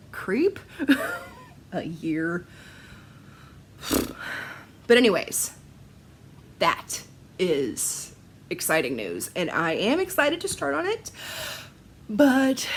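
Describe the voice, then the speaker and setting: A woman talking casually in a home vlog, excitable and rambling, often laughing between thoughts. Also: fairly low pitch, slight background noise. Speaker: Flosstube vlogger. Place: at home, seated in a chair.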